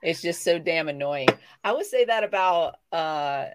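A woman from the American South talks in a loose, chatty way, drifting from one thought to the next and restarting mid-sentence. Her voice sits a touch low for a woman. The feel is a relaxed co-host chatting on a live stream. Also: a little slow, noisy background. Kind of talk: casual chat.

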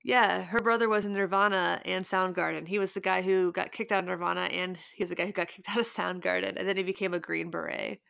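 A woman's voice: lowish voice, steady tone, fast, gravelly, few pauses, fairly bright tone, clean tone, no room sound, clean studio sound. A woman co-hosting a podcast, chatting casually in a rambling way with many fillers. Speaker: podcast co-host. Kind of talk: casual chat.

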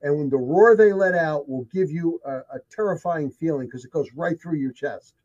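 A man with a darkish, somewhat high voice speaks at a moderate pace while recounting his sightings as a guest. The conversation is casual, emphatic and repetitive for effect, recorded in dull lo-fi quality.

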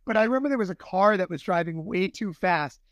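A man's voice: sits high, animated, fast, dry recording. Man host, direct interviewer, dry close sound. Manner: steers the talk, direct. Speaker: podcast host. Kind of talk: conversational interview.

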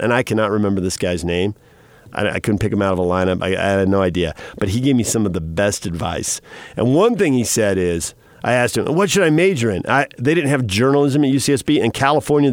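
A middle-aged man hosting a radio talk show, telling chatty stories in a casual, animated way. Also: on the low side, no echo. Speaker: radio host.

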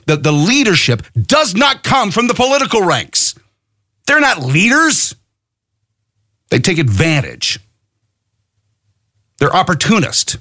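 An angry podcast host with a fairly high, fairly bright voice delivers an impassioned, profane political monologue packed with rhetorical questions. The recording is dry and studio quality.

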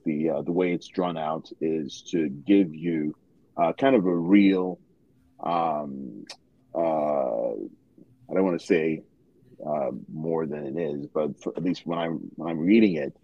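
A man hosting a podcast, recommending a book in a halting way with many pauses. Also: rumbling low, slightly rough, no room sound, highs cut off. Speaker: podcast host.

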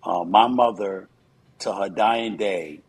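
A man's voice: lowish voice, slow, a little hiss or hum, low-quality recording. A man in his fifties, a commentator, giving earnest, reflective interview answers with frequent fillers.

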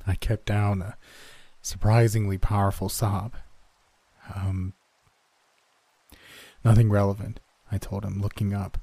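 A man narrating a first-person horror story in a measured, somber way. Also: fairly low pitch, flat delivery, gravelly, warm tone, husky, no echo.

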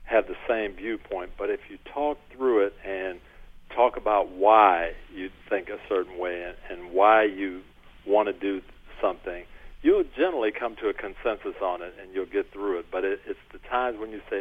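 A man, a coach and author, answering interview questions in a measured, earnest way. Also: fairly low pitch. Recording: tinny phone-line call.

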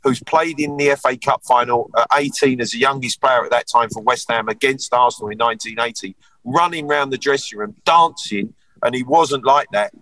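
A man's voice: medium pitch, steady tone, brisk, sharp tone, no echo, far from the mic, rough recording. A man in his sixties, a former footballer, reminiscing earnestly in a casual podcast chat. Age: 60s.

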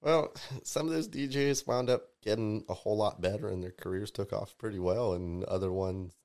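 A man from Tampa, a DJ and music producer, telling animated stories in casual podcast chat, his voice jumping up when he acts out what people said. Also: lowish voice, moderate pace. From Tampa, Florida. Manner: animated storyteller, voices rise sharply in quoted outbursts.

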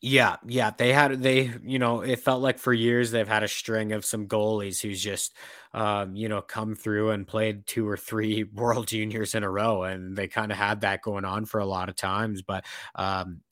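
A man's voice: on the low side, level tone, a little slow, a bit bright, no room sound. Dry-voiced man in casual hockey talk. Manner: rambling, many fillers and restarts. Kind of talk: casual sports chat.

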